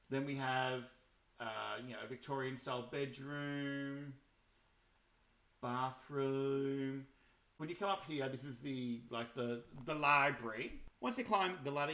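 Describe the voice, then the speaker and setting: A man's voice: medium pitch, fairly bright tone. A man giving a casual, chatty walkthrough of his video game house builds, enthusiastic and often restarting his sentences. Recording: roomy echo.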